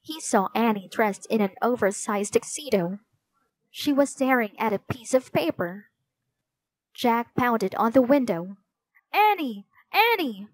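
A woman reads a children's storybook aloud in a clear, unhurried way. Her voice sits a little high and moves at a very slow pace. The recording is close and dry. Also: darkish tone, dry recording, low-quality recording. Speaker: narrator.

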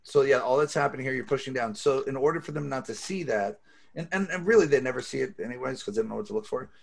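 Gravelly-voiced guy on a video call, swearing a lot while he tells how he made a magic trick. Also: mid-range voice, fast. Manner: swearing, animated storyteller. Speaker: magic lecturer. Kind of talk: casual storytelling lecture.

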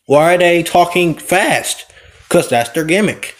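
A man's voice: a little high, lively intonation, a little slow. A man, a wrestler, giving a casual, rambling opinion vlog while playing a game, often backtracking and correcting himself. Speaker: wrestler and vlogger.

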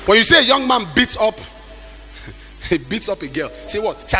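A middle-aged man preaching a sermon with emphatic delivery, at times shouting and acting out the people he quotes. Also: sits high, sing-song, moderate pace, soft background music.

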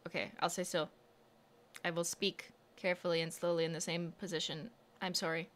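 A woman's voice: on the low side, little pitch movement, fairly quick, a bit bright, a little hiss or hum. A woman live-streaming about nails, chatty and exasperated as she talks straight to her viewers. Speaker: nail art streamer.

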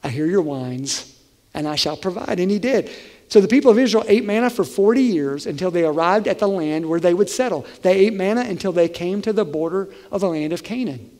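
A male pastor preaching a conversational, animated sermon in a church sanctuary. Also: sits high, fairly quick. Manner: conversational, animated, acts out voices. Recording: long hall reverb.

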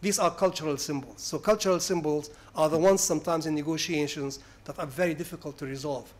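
A man's voice: fairly high pitch, fairly even intonation, a little fast. A man giving an academic lecture in an explanatory way, now and then asking for the next slide.

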